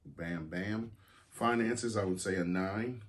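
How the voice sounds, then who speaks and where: A man's voice: fairly low pitch, slow, a little hiss or hum. A man co-hosting a podcast in casual chat, laid-back and playful in his banter. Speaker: podcast co-host.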